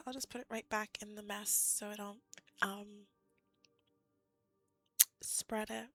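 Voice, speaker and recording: A woman's voice: mid-range voice, steady tone, unhurried, pushed and bright, no echo. A woman live-streaming and chatting casually with her viewers, giggly and often correcting herself.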